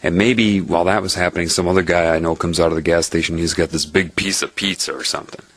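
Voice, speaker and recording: Man, very low husky voice, dry close sound, earnest spiritual storyteller. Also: steady tone, quick pace, fairly bright tone, no echo. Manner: earnest, explanatory, tags points with "right?". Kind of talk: spiritual monologue told as a personal story.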